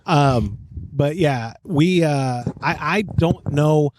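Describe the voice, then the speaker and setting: A man hosting a casual homebrewing podcast, joking and rambling, quick to laugh. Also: fairly high pitch, darkish tone, a little hiss or hum. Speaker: podcast host. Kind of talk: casual chat.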